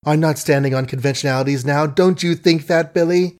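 A man reading an audiobook, voicing a proud, quick-tongued young woman in a raised voice with brisk, emphatic delivery. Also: fairly high pitch, a little mellow, voice pushed up, natural voice. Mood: pleading.

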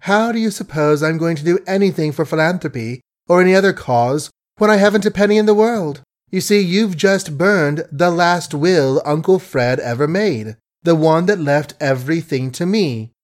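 A man reading an audiobook, voicing a proud, quick-tongued young woman in a raised voice with brisk, emphatic delivery. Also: a little high, pitched above the performer's own voice, natural voice. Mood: exasperated.

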